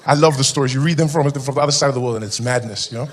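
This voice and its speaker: A South African man performing stand-up comedy, telling stories in an animated way and slipping into characters on stage. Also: mid-range voice, very fast, slight background noise. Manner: animated storytelling, acts out characters.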